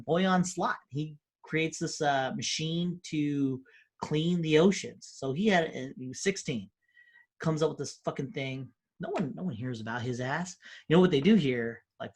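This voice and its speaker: A man co-hosting a podcast, talking in a profane, ranting way and mocking people in quoted voices. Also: fairly high pitch. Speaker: podcast co-host. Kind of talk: casual chat.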